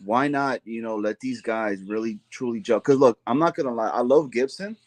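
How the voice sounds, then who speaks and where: A man's voice: medium pitch, moderate pace, dry recording. A man co-hosting a casual sports chat, hyped and rambling, calling people bro and dude.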